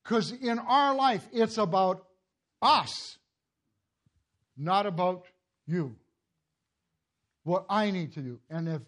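An older man giving a sermon in a halting, repeating way, chuckling at his own family stories. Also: sits high, expressive, fairly bright tone. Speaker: preacher.

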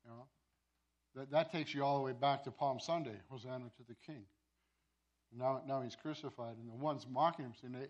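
A pastor telling a sermon story, with many repeated words and restarts. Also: male voice, mid-range voice, steady tone, brisk.

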